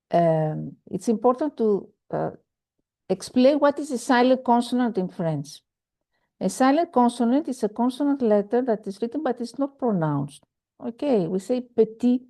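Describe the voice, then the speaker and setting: A woman's voice: a little high, warm tone. A woman teaching a French lesson over a video call, speaking hesitantly with many fillers and repeating each example. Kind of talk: online language lesson.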